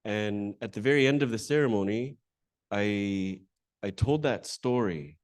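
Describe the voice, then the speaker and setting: A man with a fairly low voice emcees a conference in a hall at an unhurried pace, introducing a panel and afterward telling the live audience a candid, self-deprecating personal story in a conversational tone. It's a dry, studio-quality recording.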